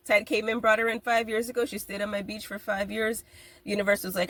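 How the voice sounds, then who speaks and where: Woman podcast host just chatting, blunt and animated, laughs a lot, swears. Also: mid-range voice, fast talker, a little hiss or hum. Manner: candid, animated storytelling with frequent laughs and swearing. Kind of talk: casual podcast monologue.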